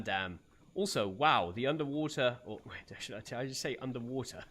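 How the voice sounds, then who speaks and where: During a live gaming stream, a man stays in character with a put-on accent, laughing often and greeting viewers by name. His medium-pitched, fairly bright voice has lively intonation at a normal speed.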